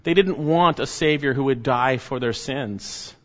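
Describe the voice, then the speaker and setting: Speaking at a medium pitch, a preacher delivers his sermon slowly, stressing every phrase and dropping to near silence at its close. The audio is muffled and lo-fi, with his words ringing through a long hall reverb.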